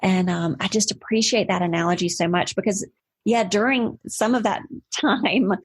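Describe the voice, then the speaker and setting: Woman, 40s, podcast guest: gravelly, husky voice, earnest and reflective in conversation. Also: medium pitch, moderate pace. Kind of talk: casual interview conversation.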